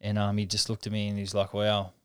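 Man, 30s, interview guest, earnest and reflective, smooth resonant voice. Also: on the low side, monotone, quick pace, fairly bright tone, no echo, clean studio sound. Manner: reflective, earnest storytelling with frequent restarts. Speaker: interview guest, professional rugby league halfback. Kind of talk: casual interview conversation.

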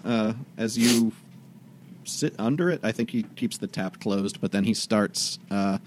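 A man narrating a tabletop game as game master, describing scenes with frequent hesitant pauses. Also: on the low side, very noisy.

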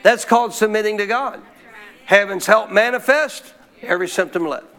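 A man preaching a sermon as pastor, telling a story with lively questions to the congregation. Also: high-pitched, moderate pace. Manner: animated storytelling, asks the crowd questions.

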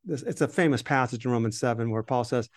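A man's voice: mid-range voice, fast talker. A man co-hosting a Bible podcast, explaining scripture in conversation and reading verses with emphasis.

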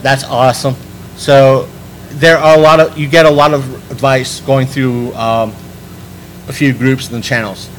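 A man's voice: medium pitch, level tone, measured pace, a little hiss or hum, low-quality recording. A man hosting a podcast panel, talking casually and rambling with frequent restarts. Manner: chatty, rambling with many restarts.

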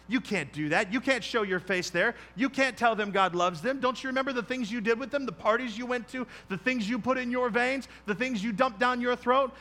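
A man voicing an accusing male enemy spirit that badgers with rapid-fire questions. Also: very high-pitched, sharp tone, voice pushed up, heavily acted.

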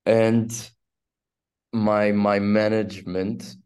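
A man from Turkey with a Turkish accent, an actor telling stories in an interview, halting and restarting as he goes. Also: lowish voice. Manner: halting, restarts often, animated storytelling. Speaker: actor guest. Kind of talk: casual interview storytelling.

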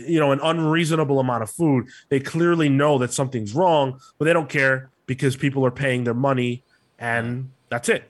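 A man's voice: medium pitch, normal speed. A man co-hosting a comic book podcast in casual chat, musing thoughtfully with lots of fillers. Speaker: podcast co-host.

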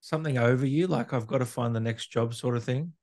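A man's voice: medium pitch, fast, darkish tone. A man hosting an interview, an eager fan who reads out viewer questions. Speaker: interview host. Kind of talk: casual interview chat.

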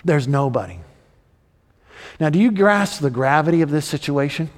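A pastor delivering a sermon in a rather high voice that climbs with emphatic, repeated questions. He then sinks into low, slow passages. The sound carries a long reverb from a large church hall. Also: lively intonation.

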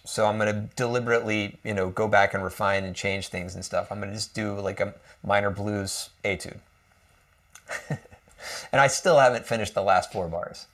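A man from the United States talks as an interview guest, his voice a little low. He thinks aloud slowly, with many fillers and restarts. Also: fairly even intonation, a bit bright. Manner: hesitant, filler-heavy, reflective. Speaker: guest violinist. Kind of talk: casual conversation.

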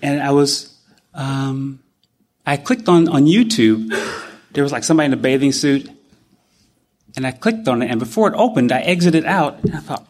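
A middle-aged man giving an emotional personal testimony at a recovery gathering, earnest and halting, often restarting his sentences. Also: mid-range voice, darkish tone. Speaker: recovery speaker.

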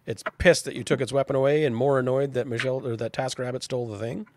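A man's voice: medium pitch, fairly even intonation, quick pace, gravelly, a little mellow, a little hiss or hum. A man narrating as game master of a tabletop role-playing game, casual and chatty, often restarting his sentences.

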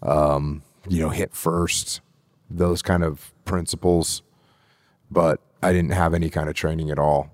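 A middle-aged man answering interview questions as a leadership instructor, deliberate and repeating phrases for emphasis. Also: a bass voice, little pitch movement, a little mellow, dry recording, clean studio sound.

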